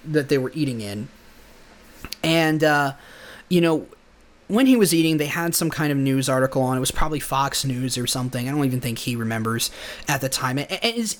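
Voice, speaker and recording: A young man talks through a motivational monologue as a podcast host, earnest and loose, often restarting his sentences. His voice sits a little higher than most men's. The talk stays casual. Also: fairly bright tone. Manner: earnest, rambling with many restarts.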